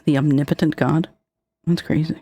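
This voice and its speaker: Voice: mid-range voice, fairly even intonation, normal speed, dark tone. Curious, swearing streamer host. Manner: curious, swears casually, asks questions. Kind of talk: casual chat.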